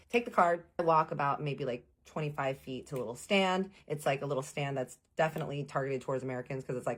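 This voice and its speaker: A woman with a low, husky voice tells a casual storytime straight to her viewers. She is animated and swears freely. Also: fairly quick. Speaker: vlogger.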